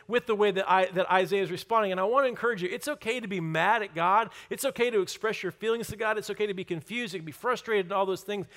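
Guy preaching, kinda high voice, chatty and punchy. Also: fairly bright tone. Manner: conversational, jokey, emphatic. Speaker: pastor. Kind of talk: sermon.

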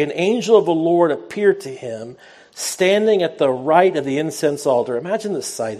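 Delivering a sermon, this male pastor recounts a scripture story sincerely and conversationally, joking a bit at his own expense. He has a slightly high, somewhat mellow voice.

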